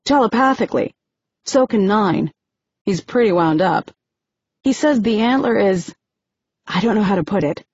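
A woman voicing an earnest young male leader who speaks low and emotionally. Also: lively intonation, normal speed, pauses often, darkish tone, breathy edge, dry recording, lo-fi sound. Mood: eager.

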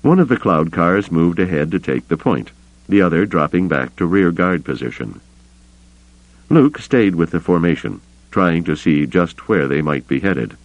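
A man narrating an audiobook in an expressive, varied storytelling manner. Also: low voice, normal speed, dry recording. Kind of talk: scripted narration. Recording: dull, muffled dry recording.

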